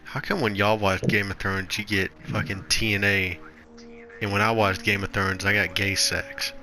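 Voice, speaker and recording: A man's voice: on the low side, little pitch movement, moderate pace, sharp tone, soft background music. A man teasing and joking in casual banter.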